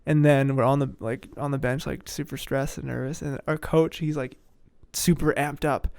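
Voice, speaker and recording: A young man telling a sports story on a podcast in a casual, animated way, laughing often and acting out what people said. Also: medium pitch, normal speed, creaky, no echo.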